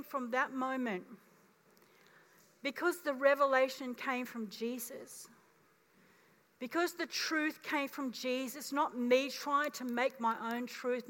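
A woman in her fifties preaches from the pulpit with a high voice. She tells her story with animation, acting out each voice. Her words ring out with the long reverb of a church hall. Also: fairly bright tone. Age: 50s. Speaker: pastor. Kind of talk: sermon. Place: church auditorium.

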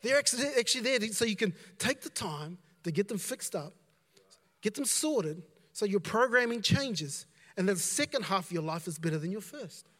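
A man's voice: sits high, expressive, normal speed, fairly bright tone, long reverb tail. A man preaching a conversational sermon as a pastor, repeating himself and dropping in asides.

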